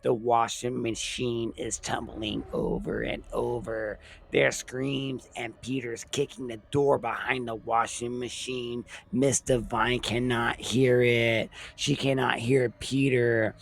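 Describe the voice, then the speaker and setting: A man's voice: mid-range voice, little pitch movement, slow, creaky. A man retelling a film's plot scene by scene in plain recap narration.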